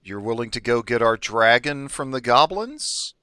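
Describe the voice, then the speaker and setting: Measured formal kobold queen played by a man, slow deliberate speech, tabletop game. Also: mid-range voice, expressive, pushed and bright, smooth, no echo, studio quality. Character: stern female kobold queen.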